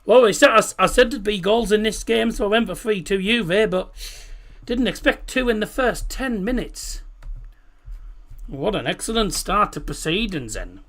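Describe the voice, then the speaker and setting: British guy doing a football watchalong stream, kinda high and bright, chatty, rambles and laughs a lot. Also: lively intonation, normal speed, soft background music. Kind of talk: casual live match commentary.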